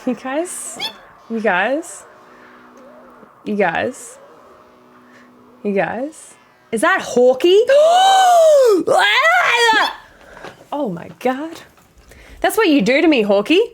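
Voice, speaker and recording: A woman hosting a live stream, chatting casually with her viewers, excitable and swearing freely as she greets them by name. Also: high-pitched, takes it slowly, long pauses, noisy background. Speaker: livestream host.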